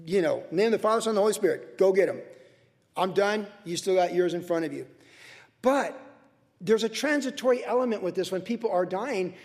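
An older man preaching a sermon from the pulpit in an earnest, emotional way, swinging from soft to loud. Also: sits high, a little fast, long reverb tail. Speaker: pastor. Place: church sanctuary.

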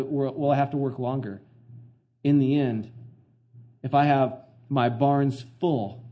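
A man's voice: medium pitch, dull audio. Earnest middle-aged male preacher. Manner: earnest, conversational preaching with many fillers and restarts. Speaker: pastor. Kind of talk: sermon.

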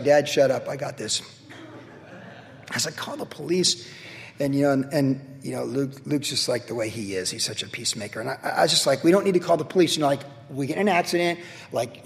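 Animated middle-aged pastor in a hall. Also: male voice, on the high side, gravelly. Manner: animated storytelling, acts out quoted voices, laughs at himself. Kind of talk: sermon with personal story.

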